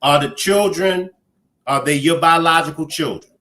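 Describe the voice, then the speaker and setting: A man's voice: fairly high pitch, normal speed, bright, forceful tone. A man hosting a casual live-stream talk, asking direct, pressing questions. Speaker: talk show host.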